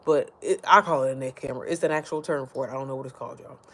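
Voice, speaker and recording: With an extremely low pitch and a steady tone, a woman races through a casual talk to her followers from home. She creates online business content, and her talk wanders, gets sidetracked, and repeatedly addresses viewers directly.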